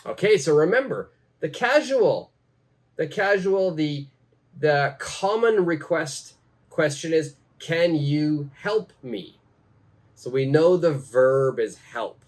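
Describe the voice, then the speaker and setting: A man teaching an English lesson, speaking slowly and repeating each phrase for learners. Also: on the high side, animated. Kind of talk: slow, deliberate teaching.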